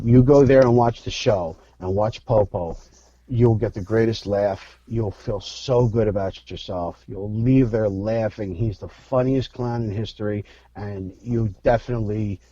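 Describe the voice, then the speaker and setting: Man as a reassuring doctor, measured, lower voice, dull lo-fi sound. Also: warm tone, dry recording, natural voice. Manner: measured, advising. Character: calm, reassuring male doctor.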